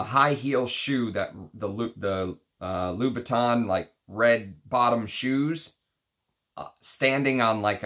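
Man, fairly low voice, relaxed, rambling, casual unboxing chat, fragrance reviewer. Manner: relaxed, rambling, thinking aloud.

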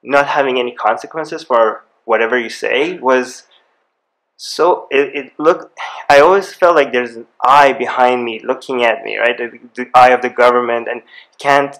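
A man speaks on a university panel. His voice sits at an ordinary middle pitch. He tells personal stories in an animated, storytelling way that builds excitement. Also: moderate pace, poor audio. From Iran. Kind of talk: live panel discussion. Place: university event room.

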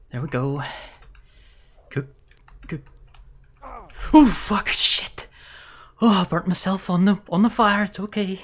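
A woman streamer talks through a horror game live, her voice low-pitched and breathy. She drawls slowly, muttering in hushed whispers before swearing in sudden startled yelps. Keyboard clicks sit under her desk mic. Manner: jumpy, swears a lot, drops to hushed whispers then yelps. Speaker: virtual streamer.

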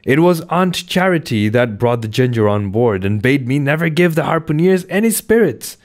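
A man's voice: mid-range voice, big pitch swings, moderate pace, pitched above the performer's own voice, natural voice. A man reading aloud voices a frightened ship's steward who pleads in a raised, anxious voice. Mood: pleading.

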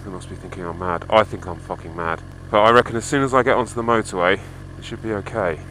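A man with a lowish voice talks to his helmet camera as he rides through wet snow. He swears and grumbles in an exasperated running commentary, with faint road noise under his voice. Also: fast, a bit bright, poor audio. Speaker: motorcycle vlogger. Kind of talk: casual video diary. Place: on a motorbike in snow, outdoors.

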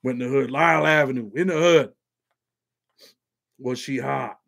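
A man's voice: mid-range voice, normal speed, creaky, a bit bright. A man hosting a casual livestream, rambling and profane, reading viewer donations aloud between prison stories. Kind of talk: casual live chat with viewers.

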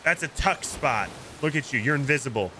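Bright, excitable gamer man. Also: medium pitch, fairly quick, slight background noise, poor audio. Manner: excitable, coaching, jokey. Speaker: streamer. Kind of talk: casual gameplay chat.

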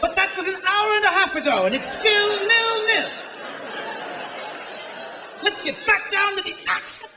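A man's voice: very high-pitched, expressive, unhurried, pauses often, roomy sound, noisy background, voice pushed up. A man doing a thrilled British soccer announcer. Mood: overexcited. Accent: put-on British. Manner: breathless, over-thrilled commentary. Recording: live club, loud crowd laughter.

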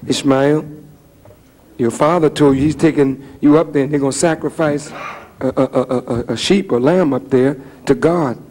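Satan as a sly tempter as a male preacher puts him on, coaxing in a lowered, wheedling tone. He sounds insinuating and persuasive rather than loud. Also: steady tone, normal speed, lightly acted.

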